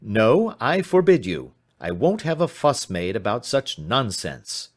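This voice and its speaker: A man voicing an obstinate, scornful older man who brushes off a threat with loud, blustering protests. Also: medium pitch, big pitch swings, a little slow. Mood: stubborn.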